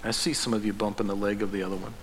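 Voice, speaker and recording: A man's voice: on the low side, level tone, rapid-fire, fairly bright tone, a little hiss or hum. A man preaching a sermon as a pastor, talking conversationally with restarts and asking emphatic rhetorical questions. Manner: restarts and fillers, rising to fervent prayer.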